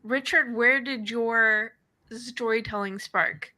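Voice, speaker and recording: A woman's voice: fairly high pitch, fairly even intonation, slow, pushed and bright. A woman hosting a live panel show, enthusiastic as she guides her guests with questions. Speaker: host.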